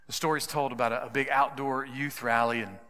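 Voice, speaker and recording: A man preaching a sermon, dramatic, dropping to hushed whispers for emphasis. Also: medium pitch, fairly even intonation, brisk, in a large hall. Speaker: pastor.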